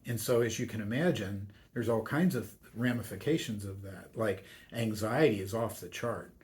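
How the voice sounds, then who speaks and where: A man's voice: lowish voice, moderate pace, darkish tone. An older man, a university chaplain and priest, speaking as a guest in a radio interview, telling stories in a reflective way and acting out the voices of the people he quotes.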